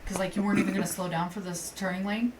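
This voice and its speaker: Talking very fast in a mid-range voice, with a crowd audible behind her, this podcast co-host spins a story in casual conversation. She's animated, acts out quotes and swears, and the distant mic picks up a faint hiss.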